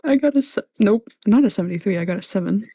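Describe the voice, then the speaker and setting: A woman's voice: medium pitch, animated, fast, dark tone, husky, no echo. A woman playing in an online tabletop game, chatting casually and laughing between lines. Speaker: player. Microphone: online voice chat microphone.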